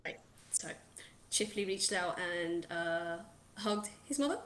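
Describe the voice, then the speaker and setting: A woman narrating a tabletop game as game master from home, descriptive and emotive, quick to laugh. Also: lowish voice, lively intonation, a bit bright, roomy sound, slight background noise.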